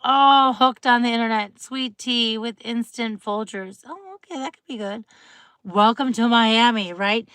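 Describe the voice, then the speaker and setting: A woman's voice: a little high, steady tone, a little slow, a bit bright, clear, resonant tone, no echo. A middle-aged woman hosting a late-night live stream from home, chatting and rambling casually with viewers and greeting them by name. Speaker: livestream host.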